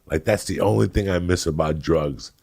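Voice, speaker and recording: A middle-aged man from New Jersey, a comedian host telling loud, crude, rambling stories in casual chat. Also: sits low, moderate pace. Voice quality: gravelly. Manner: loud, rambling and crude, breaking into acted quotes. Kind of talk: profane storytelling chat.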